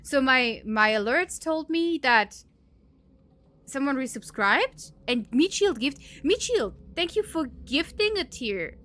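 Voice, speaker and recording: A woman's voice: high voice, animated, slow, a bit bright, a little hiss or hum. A woman live streamer chatting casually with her viewers while gaming, giggly and chatty as she thanks them and reacts to chat.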